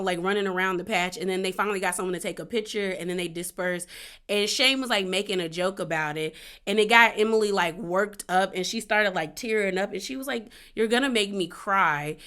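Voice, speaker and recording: A woman casually recapping a reality show episode, chatty with lots of filler words and quick laughs. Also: mid-range voice, fairly bright tone.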